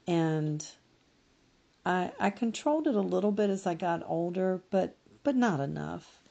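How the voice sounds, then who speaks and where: Slow, gravelly-voiced middle-aged woman. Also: lowish voice, lively intonation, mellow, highs cut off. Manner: slow, reflective, self-correcting. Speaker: podcast guest. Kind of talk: personal testimony in an interview.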